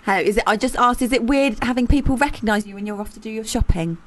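A woman's voice: a little high, fast, no room sound. A woman co-hosting a casual radio chat, asking direct questions. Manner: direct, inquisitive. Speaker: radio co-host.

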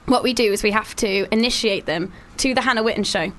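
A woman's voice: mid-range voice, fairly quick, fairly bright tone. A woman hosting a radio show in a studio, chatting casually and laughing often.

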